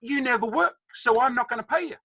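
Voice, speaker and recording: An Australian man voicing his exasperated father scolding a lazy teenage son, in a high, indignant, shouting voice. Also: huge pitch swings, fast talker, breathy edge, full character voice.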